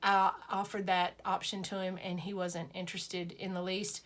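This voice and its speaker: A woman's voice: lowish voice, little pitch movement, normal speed. A woman chatting playfully to her viewers, full of self-mocking asides. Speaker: sewing vlogger. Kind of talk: casual chat to camera.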